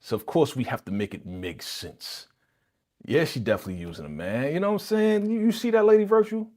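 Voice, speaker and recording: Brief: expressive male stream host, pitch swinging widely, slangy, acts out quotes. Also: brisk. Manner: animated and slangy, acting out characters' lines. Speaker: channel host reacting to a TV episode. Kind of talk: live reaction commentary.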